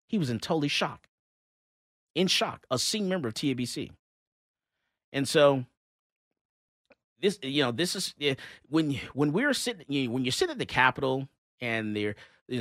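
Lively man hosting talk radio. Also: mid-range voice, dry recording, clean studio sound. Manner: storytelling, animated, with many fillers and restarts. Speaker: radio show host. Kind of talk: casual talk-radio monologue.

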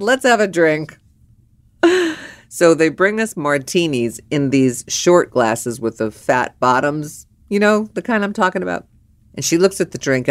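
Animated woman telling a story. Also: dry recording. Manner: animated, acts out quotes with big pitch jumps. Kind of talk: storytelling monologue.

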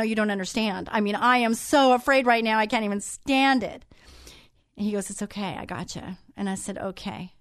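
A woman radio host chatting through a personal story in a lively, animated way, acting out the lines of the people in it. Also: a little high, no room sound, studio quality. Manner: chatty, animated retelling with quoted dialogue. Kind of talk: casual storytelling monologue.

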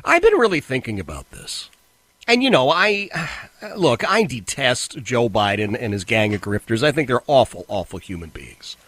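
A man hosting a talk radio show, delivering an indignant monologue. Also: moderate pace. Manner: animated, indignant, pitch jumps when worked up.

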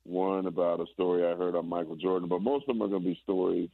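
Low-voiced man on a tinny line. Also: fast, gravelly. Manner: relaxed storytelling, stammering restarts. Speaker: guest, former basketball player. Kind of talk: casual chat.

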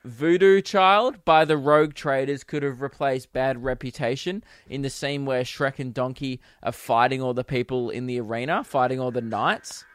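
A man's voice: mid-range voice, moderate pace, hardly any pauses, smooth, dry recording. Rambling, giggly man. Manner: rambling and giggly, full of fillers. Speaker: podcast host and comedian. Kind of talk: casual solo podcast chat.

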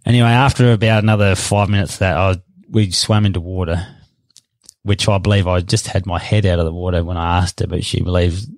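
A man with a low, deep voice and an Australian accent spins a rambling yarn, poking fun at himself as he goes. The sound is dry and close, with no room around it. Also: steady tone, a little fast, no echo. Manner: rambling, self-mocking, laughing at himself. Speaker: interview guest. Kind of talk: casual storytelling.

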